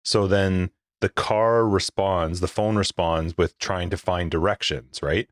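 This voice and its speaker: Male co-host, lower voice, jokey casual podcast chat, dry close sound. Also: fairly even intonation, a little slow, no echo. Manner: joking, laughs often.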